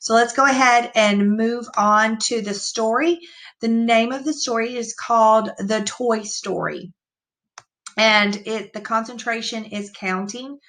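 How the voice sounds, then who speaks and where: A woman's voice: fairly high pitch, steady tone, a little slow, a bit bright. A woman teacher reading a picture book aloud to young children, patiently explaining the words and counting the numbers out.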